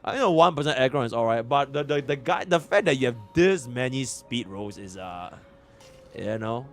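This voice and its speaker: Excitable Singaporean streamer, swearing freely. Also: male voice, mid-range voice, normal speed, faint music behind. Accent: Singaporean English. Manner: profane, excitable, swings loud and quiet. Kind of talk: livestream game account review.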